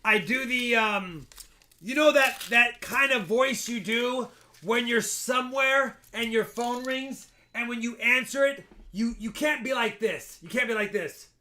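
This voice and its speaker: A man hosting a casual live stream, his voice unusually high and bright. He chats and jokes with viewers and thanks donors by name. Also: a little slow. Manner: chatty and joking, thanks donors. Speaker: livestream host.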